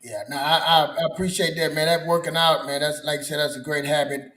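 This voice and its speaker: Easygoing male co-host, fairly high voice. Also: steady tone, fairly quick, fairly bright tone. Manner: easygoing, keeps saying "man" and "you know what I'm saying". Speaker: podcast co-host. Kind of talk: casual chat.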